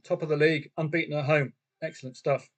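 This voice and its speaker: Man, slightly high voice, casual livestream chat, rhetorical asides. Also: fairly even intonation, fast. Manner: chatty, talks to himself and viewers, rhetorical questions. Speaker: football trading livestream host. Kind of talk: casual live commentary on matches and bets.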